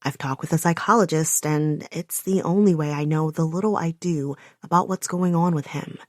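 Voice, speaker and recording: A woman narrating a first-person audiobook with intense, emotional delivery and sharp outbursts. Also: low-pitched, moderate pace, no echo, studio quality.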